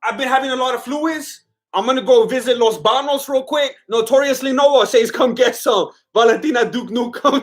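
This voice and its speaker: A man hosting a live fight watch-along, chatting casually to his chat, laughing often and retelling moments in quick quoted voices. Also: extremely high pitch, fairly bright tone.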